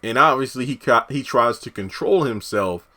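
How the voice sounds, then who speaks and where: A man's voice: medium pitch, lively intonation, normal speed, pushed and bright. A man reviewing a TV episode, recapping the plot in a loose, rambling way with frequent fillers and restarts.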